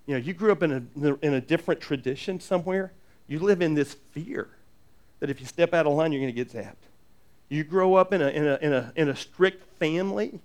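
This pastor's sermon is earnest and animated, punctuated by jokey asides and many repeated restarts. He speaks in a slightly high voice.

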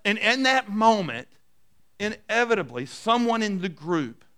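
A middle-aged male pastor preaching a sermon and telling stories, dropping soft and low for quoted lines. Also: sing-song, measured pace, clean tone.

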